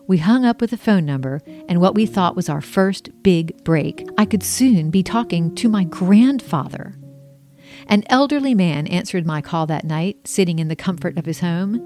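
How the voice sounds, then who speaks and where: A woman's voice: sits low, normal speed, darkish tone, soft background music. Woman reading her own memoir aloud. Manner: conversational storytelling, acts out the dialogue. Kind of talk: audiobook memoir narration.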